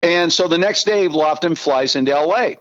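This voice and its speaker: A man's voice: on the high side, moderate pace, dry recording, muffled recording. Man in his 60s spinning profane anecdotes. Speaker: podcast guest, former team spokesman. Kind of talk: storytelling in casual talk.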